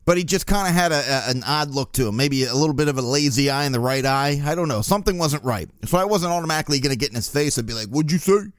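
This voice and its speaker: A man hosting a podcast, telling stories in a casual, profane, animated way. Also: mid-range voice, fast talker, hardly any pauses, no room sound, clean studio sound. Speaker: podcast host. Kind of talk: casual monologue.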